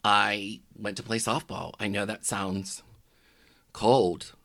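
A middle-aged man telling a personal story in a halting, reflective way that often trails off quietly. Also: lowish voice, steady tone, creaky, dry recording, clean studio sound. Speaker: podcaster telling his own story.

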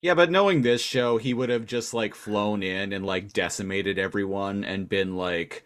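A man's voice: on the low side, normal speed, hardly any pauses, a bit bright. A man co-hosting a casual review podcast, talking in a dry, agreeable way that trails off into mumbles. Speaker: podcast co-host.

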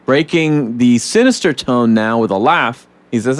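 This podcast host speaks at a measured pace in a mid-range voice, keeping the conversation loose and animated. Swearing comes easily to him, and he voices characters to act out comic bits.

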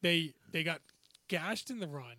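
A man, a podcast co-host talking sports in an animated, emphatic way. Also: on the high side, a little slow, no room sound. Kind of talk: casual sports chat.

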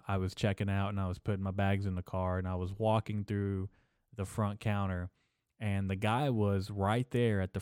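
Brief: male podcast host, low register, dry mic, loose profane comic rambling. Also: a little mellow, clear, resonant tone, dry recording. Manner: profane, loose and jokey, lots of fillers.

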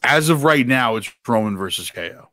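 A man's voice: mid-range voice, animated, normal speed, pushed and bright, no room sound. A man hosting a casual podcast over a video call, laughing often and putting questions to his guests. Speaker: podcast host. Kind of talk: casual chat.

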